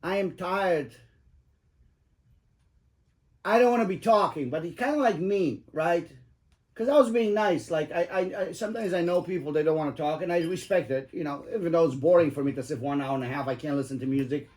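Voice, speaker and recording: A middle-aged man spins cab-driver stories in a loose, rambling chat. His voice sits a little high, and he swears freely for emphasis, stacking fillers as he goes. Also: fast, a little mellow. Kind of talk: casual storytelling chat.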